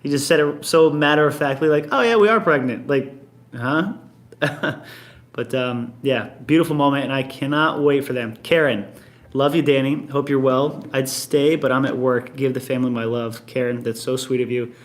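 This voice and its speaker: A band member in his early thirties hosts a casual live-stream Q&A from his apartment. He has a mid-range, steady voice at a moderate pace and rambles easily while reading out viewer comments.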